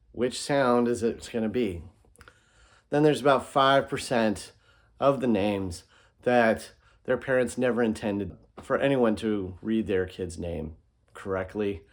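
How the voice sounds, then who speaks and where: A man patiently explaining a method in an instructional lesson, slowing down to sound out example words. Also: lowish voice. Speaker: teacher.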